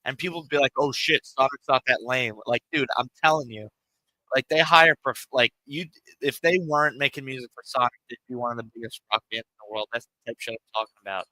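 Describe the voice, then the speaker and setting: A man's voice: mid-range voice, fast talker, sharp tone, no room sound, poor audio. A man streaming a game and chatting casually, rambling and swearing in a laid-back way on a cheap home mic. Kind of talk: casual stream chat while gaming. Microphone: cheap home microphone.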